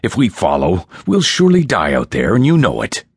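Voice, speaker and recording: A man voicing a gruff male dwarf warrior who talks in a blunt, growling grumble. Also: lowish voice, wildly swooping pitch, brisk, no room sound, clean studio sound, voice pushed up, exaggerated voice.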